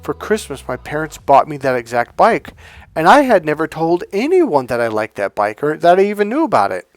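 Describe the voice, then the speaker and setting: A man's voice: on the high side, fairly quick. A middle-aged man, a life coach, telling a personal story in casual, chatty monologue and acting out the dialogue. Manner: chatty, retells dialogue with lively shifts, swears casually.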